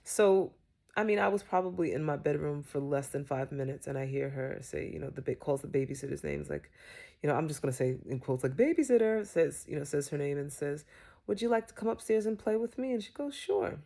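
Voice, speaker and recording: Woman, low voice, gravelly texture, casual storytelling, chatty with fillers. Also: big pitch swings, dark tone. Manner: unhurried, chatty with frequent fillers. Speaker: parenting creator.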